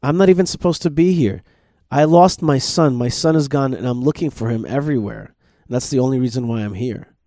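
A man's voice: mid-range voice, brisk, dark tone, no room sound, studio quality, natural voice. A man voicing a grieving father wolf who is searching for his lost son, speaking in a subdued, pleading way.

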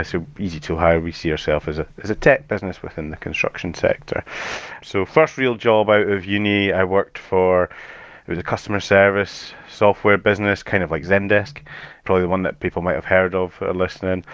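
Deep-voiced Edinburgh Scottish man. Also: clean tone, dry recording, dull audio. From Scotland. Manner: modest, laughs often. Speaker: podcast guest. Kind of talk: casual interview chat.

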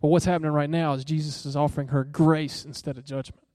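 A man's voice: a little high, little pitch movement, fast talker, a little mellow, dry recording, clean studio sound. A young man preaching a sermon in an earnest, conversational way, asking listeners direct questions.

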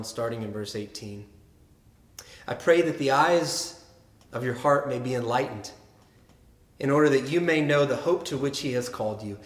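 A man preaching a sermon in a conversational, storytelling way. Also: medium pitch. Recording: roomy echo.

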